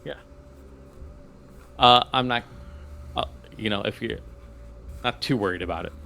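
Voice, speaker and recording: A man's voice: fairly low pitch, vocal fry, pushed and bright, a little hiss or hum. A man co-hosting a podcast, chatting casually about a book and joking as he goes. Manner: joking, acts out characters in quick asides. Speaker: podcast co-host. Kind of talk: casual book club chat.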